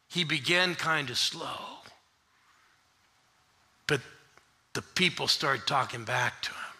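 Bright-voiced older male preacher, animated. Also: mid-range voice, gravelly. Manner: animated preacher, rising to shouts when retelling another preacher. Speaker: pastor. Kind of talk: sermon storytelling.

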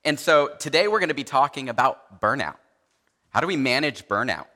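Bright-voiced man preaching in a hall. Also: mid-range voice, expressive, brisk. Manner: conversational, uses many fillers and acts out quoted dialogue. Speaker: pastor. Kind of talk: sermon.

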